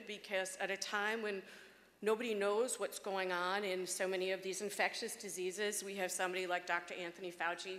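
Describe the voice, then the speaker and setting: A woman's voice: mid-range voice, pushed and bright. Woman giving a heartfelt speech in a hall. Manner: heartfelt, with frequent ums and restarts. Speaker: award honoree. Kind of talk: acceptance speech. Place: gala banquet hall. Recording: echoey hall with faint background noise.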